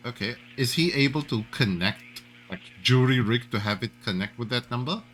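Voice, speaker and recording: A man's voice: medium pitch, normal speed, a bit bright, slight background noise, low-quality recording. A man playing in a tabletop role-playing game, talking casually and hesitantly with many fillers. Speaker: player.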